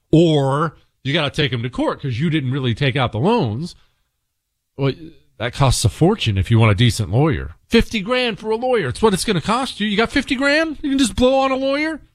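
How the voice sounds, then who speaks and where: A man's voice: mid-range voice, dry recording, studio quality. A middle-aged man hosting a radio talk show, chatting casually and teasing as he tells stories and reads ads. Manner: sarcastic, playful, teasing storytelling. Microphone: studio microphone.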